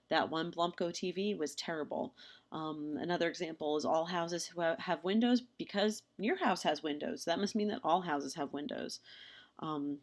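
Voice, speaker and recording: Woman recording a lecture over slides, kinda low voice, lots of ums, gets animated doing little voices in examples. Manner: casual, chatty with many ums and restarts; acts out lively quoted dialogue in examples.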